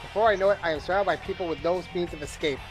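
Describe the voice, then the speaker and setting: A man's voice: sits high, racing, music in the background. A man reading a game's narration aloud during a playthrough, tired and bored, with small slips and asides. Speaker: gameplay commentator reading game text aloud.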